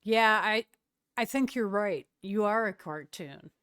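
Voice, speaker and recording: A woman's voice: medium pitch, unhurried, smooth, dry recording. Chatty woman streamer, dry close sound. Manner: relaxed, chatty, laughs often. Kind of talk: casual chat with viewers.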